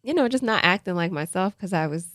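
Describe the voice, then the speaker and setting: Young woman on a podcast, open and confiding, fairly low voice, dry sound. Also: animated, fast, a bit bright, no room sound. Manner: open, confiding, acts out quoted remarks. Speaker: podcast co-host. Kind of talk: casual chat.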